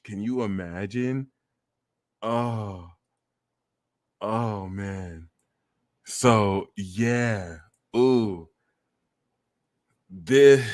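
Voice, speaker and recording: Animated, self-mocking man on a livestream. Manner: animated, swings into high squeaky mock voices and self-mocking rants; profane, laughing at himself. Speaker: astrology reader and streamer. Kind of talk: casual astrology livestream talk.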